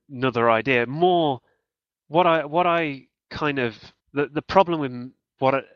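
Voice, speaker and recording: A man's voice: mid-range voice, fairly bright tone, smooth, dry recording. Hesitant man in a dull dry recording. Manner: hesitant, restarts mid-thought. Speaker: podcast panelist. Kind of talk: casual gaming discussion.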